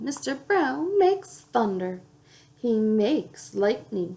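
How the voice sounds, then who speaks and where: A woman's voice: on the high side, very animated, takes it slowly, vocal fry, mellow. A woman reading children's picture books aloud, playfully acting out the sound effects. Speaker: children's book reader.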